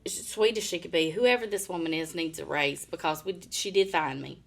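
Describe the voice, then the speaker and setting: An older woman, a podcast co-host telling animated stories and laughing often. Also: on the low side, normal speed, gravelly. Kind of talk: casual chat. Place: Nashville area.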